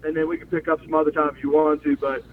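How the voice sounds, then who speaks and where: A man's voice: on the high side, racing. A man, a former wrestler, telling long stories in a casual interview, acting out quotes and laughing often. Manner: animated storyteller, acts out quotes, laughs often. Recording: phone-line audio with faint noise.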